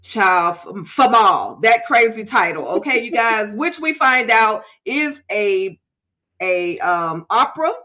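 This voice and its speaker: Animated, laughing woman recapping a show. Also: medium pitch, slow pace. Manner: animated storyteller, laughs mid-sentence. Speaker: co-host. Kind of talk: casual chat about a TV show.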